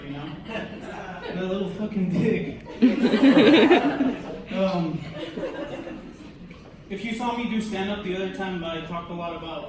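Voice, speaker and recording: A young man doing stand-up comedy in a halting, filler-heavy, deadpan way. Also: high voice. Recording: echoey club room, distant mic, background noise.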